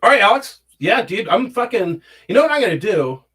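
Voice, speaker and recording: A man's voice: sits high, sing-song, a little fast, a bit bright, slightly rough. A man hosting a casual livestream from home, reading chat and rambling through stories, swearing a lot and humming filler syllables while he scrolls.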